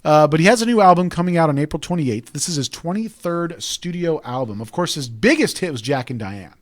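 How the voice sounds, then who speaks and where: Fast-talking chatty male radio host. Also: fairly high pitch, expressive, dry recording, clean studio sound. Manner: rambling, chatty, digresses with asides. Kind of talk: casual radio talk.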